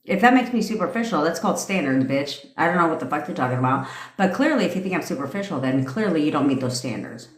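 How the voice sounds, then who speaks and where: A woman's voice: low-pitched, lively intonation, fast, roomy sound. A middle-aged woman talking casually on a livestream, blunt and profane, telling a dating story and laughing often. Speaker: manifestation coach on a livestream.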